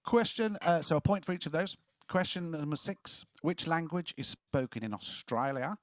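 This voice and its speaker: A man's voice: a little high, lively intonation, normal speed, dry recording, studio quality. A man hosting a casual quiz, reading questions and joking between answers. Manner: jokey, chuckling as he reads questions. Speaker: quiz host.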